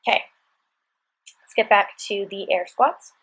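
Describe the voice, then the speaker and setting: A woman coaching a workout in a voice-over, chatty and encouraging throughout. Her voice sits at a middling pitch with a breathy, slightly husky edge. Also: steady tone, moderate pace, a bit bright, rough recording. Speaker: fitness instructor.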